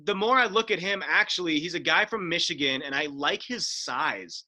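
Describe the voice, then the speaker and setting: A man's voice: fairly high pitch, expressive, moderate pace, bright, forceful tone. A young man guest on a casual sports talk show, thinking aloud about picks and hesitating with fillers. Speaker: guest, mock draft participant.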